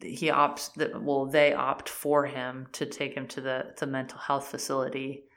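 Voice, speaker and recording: A woman's voice: rumbling low, completely flat delivery, measured pace, a bit bright. A woman in casual chat, animatedly retelling a TV series' plot and acting out the characters' lines with many "like"s. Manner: frequent fillers "like" and "um".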